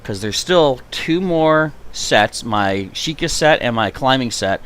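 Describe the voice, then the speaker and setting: A man's voice: medium pitch, animated, takes it slowly, a bit bright, clear, resonant tone. A man chatting to himself and his viewers while playing through a live stream, reacting as he goes. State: hiccuping. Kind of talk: gameplay live stream commentary.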